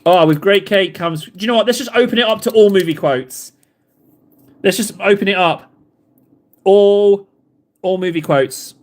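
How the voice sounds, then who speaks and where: A man's voice: sits high, normal speed, long pauses. A man hosting a casual livestream while painting models, playful and joking, laughing often. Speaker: livestream host.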